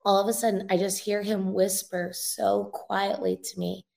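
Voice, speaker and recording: Woman with a gravelly edge, telling her story. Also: medium pitch, level tone, normal speed, darkish tone. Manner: earnest, emotional storytelling. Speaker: guest, revivalist minister. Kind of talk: conversational testimony in a podcast interview.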